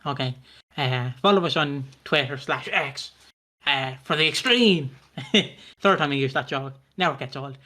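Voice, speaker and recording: A man's voice: medium pitch, a little slow, bright, forceful tone. A man co-hosting a podcast, teasing and mock-indignant in casual sweary chat. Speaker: podcast co-host.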